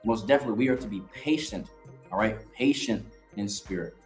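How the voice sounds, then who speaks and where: Speaking in a lowish voice at a fairly quick clip, a man shares a casual preaching testimony from his ministry and reads scripture aloud. He's blunt, swears, and keeps asking "all right?" to check in. Faint music plays behind him in a roomy, echoing space.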